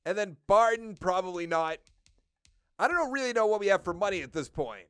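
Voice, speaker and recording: High, lively man with a Boston accent. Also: fairly quick, clear, resonant tone, no room sound, clean studio sound, soft background music. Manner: thinking aloud while ticking through stats and numbers. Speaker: gaming video creator. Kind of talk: casual gameplay commentary.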